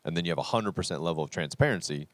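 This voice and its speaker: A man's voice: low voice, very fast, dry recording. A man co-hosting an unscripted faith podcast, talking earnestly and acting out bits of quoted dialogue. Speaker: podcast host.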